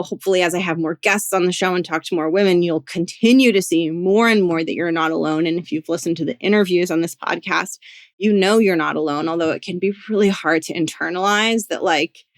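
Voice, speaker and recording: A woman career coach hosting her own podcast, talking alone in a gentle, encouraging way, with many "like"s and "you know"s. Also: lowish voice, dry recording, clean studio sound. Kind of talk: solo podcast monologue.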